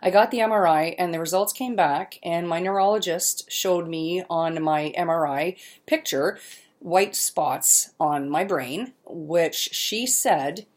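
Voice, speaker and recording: A middle-aged woman chats into the camera at her mother's home, her voice sitting a little on the low side. She is self-deprecating and laughs often, and now and then she stalls mid-sentence while she searches for a word. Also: takes it slowly. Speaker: vlogger. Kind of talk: casual personal vlog.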